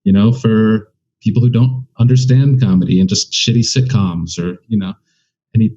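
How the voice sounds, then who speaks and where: A comedian from the United States, talking candidly and a bit rambling in a casual interview. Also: male voice, fairly low pitch, steady tone, moderate pace, warm tone, dull audio. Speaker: comedian guest. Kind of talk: casual conversation.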